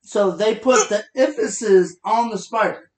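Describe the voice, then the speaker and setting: A woman's voice: mid-range voice, unhurried, darkish tone, echoey room, rough recording. A woman co-hosting a casual podcast, blunt and argumentative, swearing often and a little tipsy. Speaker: podcast co-host. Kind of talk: casual chat.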